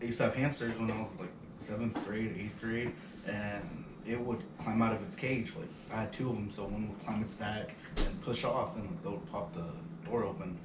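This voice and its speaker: A young man chats on a podcast, telling stories excitably and cursing. He sounds far from the mic in an echoey room. A loud hiss runs underneath him. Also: on the low side, moderate pace. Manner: excitable storyteller, swears. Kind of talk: casual chat.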